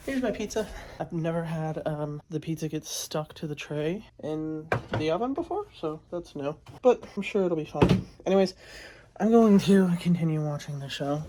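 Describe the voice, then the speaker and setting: Low, mellow young woman vlogging casually. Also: moderate pace, a little hiss or hum. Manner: swearing, rambling, excitable, talks baby talk to her pet. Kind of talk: casual late-night vlog chat. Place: at home, indoors.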